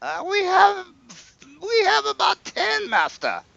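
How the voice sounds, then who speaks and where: A timid, squeaky male servant in a tabletop game, deferring to his master, as a man puts him on. The voice rides far above the performer's own pitch, meek and small. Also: huge pitch swings, slow, gravelly, sharp tone, no echo, lo-fi sound, full character voice.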